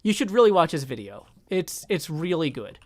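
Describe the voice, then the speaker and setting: Very animated and fairly high-pitched, with a darkish tone, a man talks at normal speed while streaming a game live. He chats casually, thinks out loud, cuts off his own sentences, and responds to chat, and there's no room sound.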